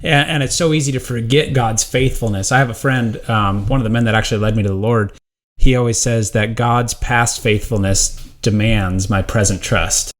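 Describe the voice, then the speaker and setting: A man co-hosting a podcast, steady and reflective as he leads into a question. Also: medium pitch, normal speed. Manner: reflective, steady, draws on scripture. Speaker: podcast co-host. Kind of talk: casual discussion.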